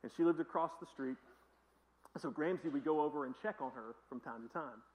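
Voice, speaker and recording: A man's voice: on the high side, brisk, poor audio. A male pastor preaching a sermon in a conversational, emphatic way with joking asides.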